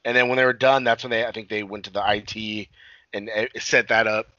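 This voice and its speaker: A man's voice: lowish voice, steady tone, fairly quick, sharp tone, dry recording, highs cut off. A man co-hosting a podcast, casually and profanely recapping a movie's plot with acted-out quotes. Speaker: podcast co-host.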